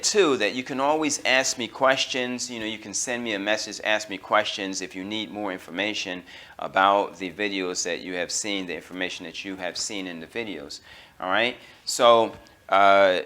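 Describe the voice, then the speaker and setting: Bright-voiced American man teaching grammar. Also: medium pitch. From United States. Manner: repetitive, fills with okay and all right; slows down to stress key terms. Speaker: English teacher. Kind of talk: grammar lesson at a whiteboard.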